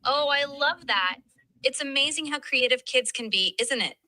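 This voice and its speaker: A woman's voice: high-pitched, animated, moderate pace, pushed and bright, no room sound, rough recording. A woman's AI assistant voice giving chatty, encouraging replies that can turn snarky and teasing. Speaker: AI chat assistant. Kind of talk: conversational AI replies.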